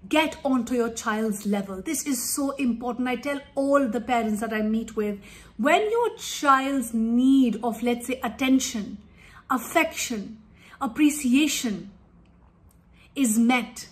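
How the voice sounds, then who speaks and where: A woman parenting coach giving earnest, emphatic advice to parents in an instructive talk. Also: sits high.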